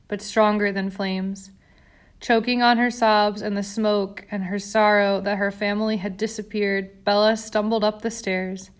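Woman reading a tense audiobook. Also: mid-range voice. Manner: tense, dramatic storytelling. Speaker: audiobook reader. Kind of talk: scripted audiobook narration.

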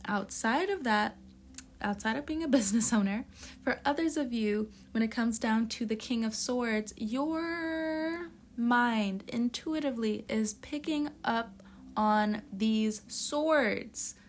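A woman's voice: on the high side, takes it slowly, slight background noise. Blunt, youthful-sounding woman tarot reader. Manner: blunt, profane, tough-love. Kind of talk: casual spoken tarot reading.

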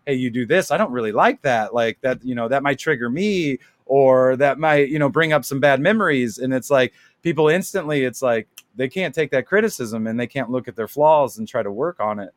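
Dude guest on a podcast, animated and rambly, dry close sound. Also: male voice, mid-range voice, no room sound. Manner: animated, swearing, rambling with many fillers. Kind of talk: casual podcast chat.

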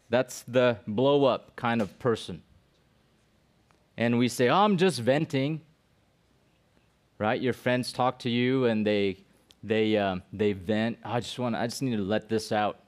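A man preaching a sermon to students as pastor, emphatic, with rhetorical questions he answers himself and frequent restarts. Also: mid-range voice. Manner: emphatic, asks the audience questions and answers them; repeats and restarts phrases, acts out quoted voices.

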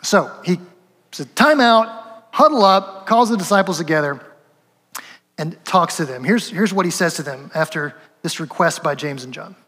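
A man's voice: a little high, normal speed, a bit bright, slightly rough, long reverb tail. A male pastor giving a sermon in a conversational way, acting out quotes and asking rhetorical questions. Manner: conversational, acts out quotes, chuckles, rhetorical asides.

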